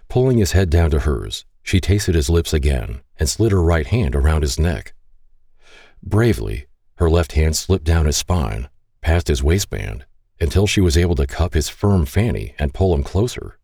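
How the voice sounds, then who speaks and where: Very deep-voiced male romance narrator. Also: very animated, normal speed, creaky, dark tone, no room sound, studio quality. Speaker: audiobook narrator.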